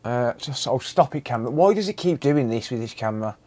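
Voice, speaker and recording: Guy on a live stream, easygoing, says hi to chat by name, mid-pitched voice. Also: expressive, a little fast, warm tone. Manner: chatty, greets viewers by name.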